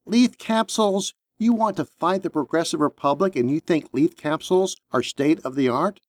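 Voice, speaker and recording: A man's voice: on the high side, moderate pace, dry recording, pitched above the performer's own voice, natural voice. A man voicing a sneering, hissing assassin. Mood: mocking. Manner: hissing, mocking. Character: sneering captured male assassin, defiant.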